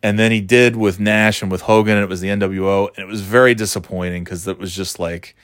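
A man's voice: fairly low pitch, fairly even intonation, fast, a bit bright, dry recording, clean studio sound. A man in his forties chatting casually, telling rambling, enthusiastic stories and laughing often. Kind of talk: casual chat.

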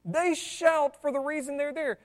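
A man's voice: very high-pitched, unhurried. Preaching man in a reverberant hall. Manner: conversational, animated preaching with asides. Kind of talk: sermon. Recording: long church hall reverb.

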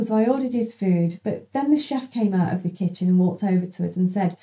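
Podcast host: woman, very bright tone, chatty storyteller, fillers and restarts. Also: medium pitch, lively intonation, brisk. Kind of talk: casual conversational interview.

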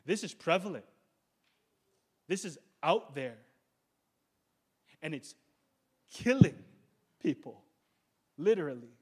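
A male pastor preaching a sermon in a conversational, urgent way, slowing down on key words. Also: on the high side, expressive, breathy edge. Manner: conversational preaching, slows down for emphasis.

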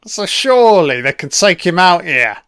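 A man's voice: high-pitched, very animated, normal speed, a bit bright, clean tone, no room sound, clean studio sound. A British man giving an audio commentary over a film, swearing constantly and heckling the characters on screen.

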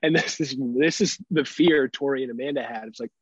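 A man in his thirties, a podcast co-host, swearing and laughing as he tells animated stories in casual chat. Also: medium pitch, brisk, breathy edge, no echo, lo-fi sound. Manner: animated storyteller, swears a lot, laughs often.

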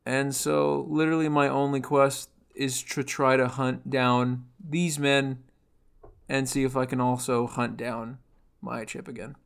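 Husky companion robot with a Russian accent, played by a man; grieving, vengeful, formal, unhurried. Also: mid-range voice, little pitch movement. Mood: grim. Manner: stiff, formal speech. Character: grieving male-voiced companion robot seeking revenge.

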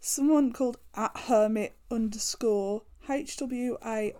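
Teasing young woman, slightly high voice. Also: takes it slowly, warm tone. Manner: laughs often, teasing. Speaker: podcast co-host. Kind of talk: casual chat.

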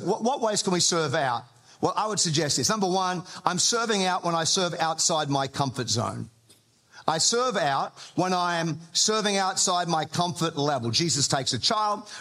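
Male pastor, slightly high voice, chatty and humorous sermon delivery. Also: expressive, normal speed, a bit bright. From Australia. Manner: conversational storytelling with humour.

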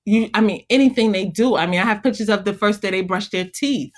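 A woman's voice: mid-range voice, a little fast. Earnest woman talking about motherhood. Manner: earnest, encouraging, animated when telling stories. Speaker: guest, mother. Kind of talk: conversational interview.

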